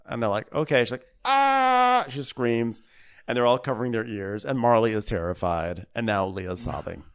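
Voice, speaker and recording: A man's voice: on the low side, steady tone, normal speed, smooth. Man with dry, absurd asides. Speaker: podcast co-host. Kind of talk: comedic casual chat.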